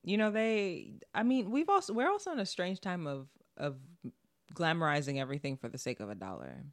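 Animated New York podcast co-host, slangy. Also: mid-range voice, fairly quick. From Brooklyn, New York. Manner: animated storytelling, slangy and profane, laughs often. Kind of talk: casual podcast chat.

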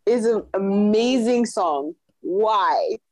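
A woman's voice: medium pitch, lively intonation, drawn-out words, dry recording. A woman co-hosting a podcast, teasing a friend in exasperated casual chat. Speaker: podcast co-host.

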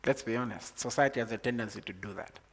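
A man from Zambia preaching a sermon, moving from calm teaching to loud, excited preaching. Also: mid-range voice, fast talker, long reverb tail.

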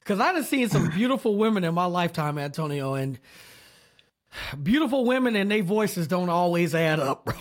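A man's voice: sits high, moderate pace. A man co-hosting a podcast in casual chat, telling stories, laughing and acting out quotes. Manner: animated storyteller, laughs often, acts out quotes. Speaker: podcast co-host.

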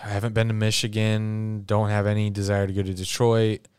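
A man's voice: lowish voice, completely flat delivery, brisk, darkish tone, clear, resonant tone, dry recording, clean studio sound. A man chatting casually as a podcast co-host, blunt and joking, swearing freely. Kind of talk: casual chat.

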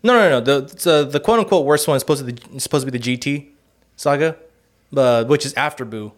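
Talking fast at a medium pitch, a man co-hosting a podcast rambles through casual chat. He swears and leans heavily on "like" and "you know."

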